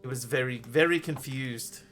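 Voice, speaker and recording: Male streamer, mid-range voice, chats and rambles over soft game music. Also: medium pitch, moderate pace. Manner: rambling, chatty, many ums and restarts. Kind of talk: casual live-stream chat while playing.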